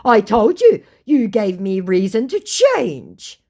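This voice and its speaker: A woman's voice: medium pitch, sing-song, takes it slowly, a little mellow, pitched above the performer's own voice, full character voice. Woman doing a whiny scammer guy, all protesting and pleading, broken english, voice jumping all over. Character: pleading, indignant male online scammer.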